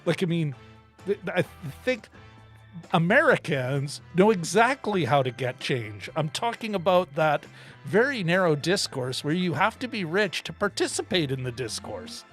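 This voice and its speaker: Brief: male podcast co-host, fairly high voice, animated and laugh-prone, faint music underneath. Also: normal speed, breathy edge. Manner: animated, laughs often while talking. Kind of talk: casual film-discussion chat.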